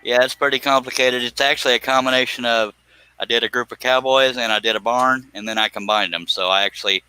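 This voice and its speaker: A man's voice: mid-range voice, steady tone, quick pace, sharp tone, clear, resonant tone, dry recording, poor audio. A man hosting a woodworking live stream, chatting casually and joking as he rambles off topic. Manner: joking, rambling, slips into put-on voices. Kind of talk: casual live-stream chat while scroll sawing.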